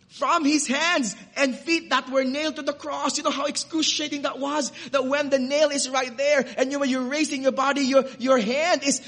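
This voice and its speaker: A male pastor delivers a sermon with a very high, bright voice. He keeps calling his listeners dearly beloved and draws out the key words. The sound carries the long reverb of a church hall. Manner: preaching, addresses the church as dearly beloved, slows down for emphasis. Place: church sanctuary.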